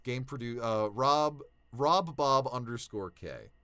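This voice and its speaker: A young male voice actor talking casually to his viewers, animated, swinging between low mutters and excited shouts. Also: slow, no echo. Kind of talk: casual vlog talk.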